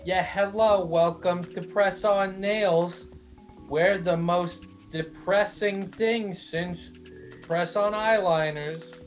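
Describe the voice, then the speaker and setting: A sarcastic customer service clerk for a nail company, as an improviser puts them on, sounding deadpan and condescending to callers. The voice sits at a middling pitch. There is faint music in the background. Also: takes it slowly, lightly acted. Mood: snide. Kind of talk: improvised comedy sketch.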